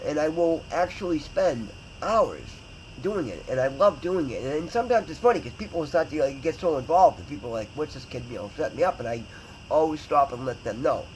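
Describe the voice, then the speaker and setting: A man's voice: mid-range voice, darkish tone, a little hiss or hum. A man telling a personal story in a rambling, earnest way, full of fillers and restarts. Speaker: vlogger in recovery.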